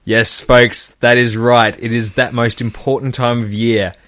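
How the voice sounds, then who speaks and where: A man's voice: medium pitch, little pitch movement, a little slow, fairly bright tone, no room sound. A man co-hosting a casual podcast, joking around with his friend and sometimes putting on a mock announcer tone. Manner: jokey, banters, mock announcer tone. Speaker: podcast co-host.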